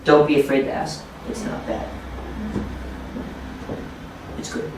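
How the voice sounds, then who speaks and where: Man, trainer lecturing deliberately, a bit high, distant mic, very echoey room with faint noise. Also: completely flat delivery. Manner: deliberate, simple phrasing for learners. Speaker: ESL teacher trainer.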